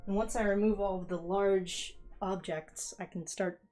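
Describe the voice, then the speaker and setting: A woman's voice: medium pitch, steady tone, moderate pace, dark tone, soft background music. A young woman streamer chatting casually in her bedroom as she tidies, rambling and poking fun at herself with frequent laughs. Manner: rambling and self-mocking, laughs often. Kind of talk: casual chat while cleaning.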